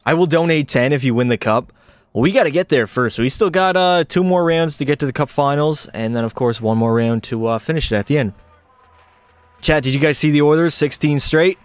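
The voice of this gaming streamer is a little high, brisk, clear and resonant, with no echo. He calls the plays of a hockey video game with excitement and chats with viewers while faint music plays.

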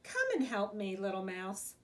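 A woman's voice: mid-range voice, lively intonation, normal speed, close to an everyday voice. A woman reading aloud as a hardworking, grumbling male mouse gardener in a storybook. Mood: coaxing. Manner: grumbling, weary.

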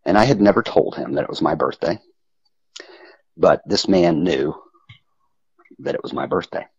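A man calling in to a podcast, telling his personal story in a halting, earnest way with frequent restarts. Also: low-pitched, lively intonation, vocal fry, a little mellow, breathy edge, no room sound, highs cut off. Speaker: guest caller. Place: home phone call.

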